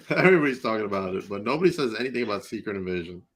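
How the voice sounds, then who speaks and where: A man's voice: fairly low pitch, animated, rapid-fire, crowd noise. A man hosting a podcast, asking questions in casual chat and laughing along with short replies. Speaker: podcast host.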